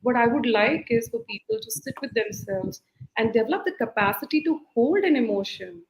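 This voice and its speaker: A woman's voice: a little high, a little fast, roomy sound, a little hiss or hum, poor audio. A woman, a life skills coach, giving earnest parenting advice over a video call and acting out quoted voices. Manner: animated, acts out quoted voices, repeats key phrases. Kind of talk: earnest advice talk in a live-streamed interview.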